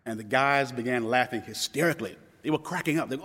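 A man's voice: medium pitch, quick pace, hardly any pauses, fairly bright tone. A man of about fifty from Louisville, Kentucky, telling a personal story in a conversational way, restarting often and quoting others. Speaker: public speaker. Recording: long hall reverb.

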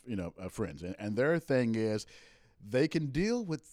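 A middle-aged man from the American South chatting about politics, animated and apologetic, often repeating himself. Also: medium pitch, measured pace, dry recording, clean studio sound. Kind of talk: casual political chat.

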